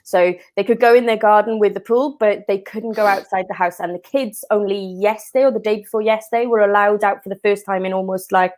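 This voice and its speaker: A woman stylist as a guest in a casual chat, easygoing and quick to giggle. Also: mid-range voice, fairly even intonation.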